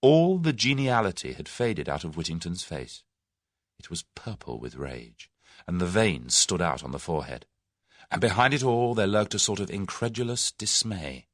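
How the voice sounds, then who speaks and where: A man narrating a classic mystery novel in a measured, expressive way. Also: low-pitched, dry recording, studio quality. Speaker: audiobook narrator. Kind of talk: scripted narration.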